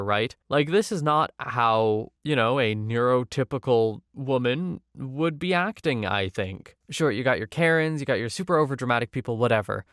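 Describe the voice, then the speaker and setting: A man's voice: mid-range voice, fairly bright tone, clear, resonant tone, no echo, clean studio sound. A man reading online stories aloud and adding casual, wry commentary between them. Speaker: story narrator and commentator.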